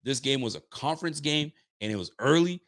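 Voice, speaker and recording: A man's voice: medium pitch, expressive, fairly quick, a bit bright. A man from Nova Scotia casually chatting on his livestream, hyped and loose, repeating himself as he talks to viewers. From Nova Scotia, Canada. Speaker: sports fan streamer.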